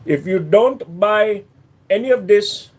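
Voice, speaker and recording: A man's voice: lively intonation, takes it slowly, breathy edge, exaggerated voice. A man voicing a cheerful male store owner with a put-on Pakistani accent, pushing customers to buy. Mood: salesy. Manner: loud, high, salesy and friendly.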